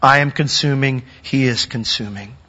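A man preaching a sermon, earnest, growing louder and higher when he acts out a worshipper's doubts. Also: moderate pace. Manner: earnest, rising in pitch and force when acting out a doubting worshipper's words. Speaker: pastor. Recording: dull sound with long hall reverb.

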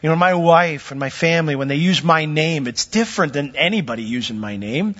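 A man's voice: lively intonation, brisk, fairly bright tone. A middle-aged man preaching a sermon, explaining scripture with emphatic rises in his voice. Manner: expository teaching with emphatic pitch lifts. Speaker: pastor. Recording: dull reverberant hall recording.

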